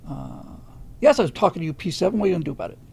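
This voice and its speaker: A man's voice: a little high, animated, creaky, a little mellow, breathy edge. A middle-aged man hosting a livestream, chatting casually and reading viewer questions, with many fillers and restarts. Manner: halting, many fillers and restarts, reads viewer comments aloud.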